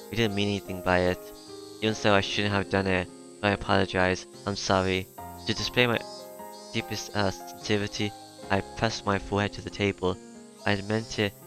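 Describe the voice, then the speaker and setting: A man with a low, level voice reads a story aloud in the first person. He stumbles and restarts now and then. Soft music runs faintly underneath. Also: gravelly. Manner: halting, with fillers and restarts. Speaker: narrator reading a visual novel.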